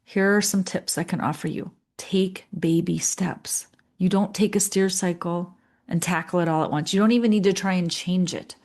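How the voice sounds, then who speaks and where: During a coaching session, a middle-aged woman speaks at a moderate pace with fairly even intonation, her slightly low voice a little mellow. As a leadership coach, she talks earnestly and conversationally, taking on her clients' voices along the way.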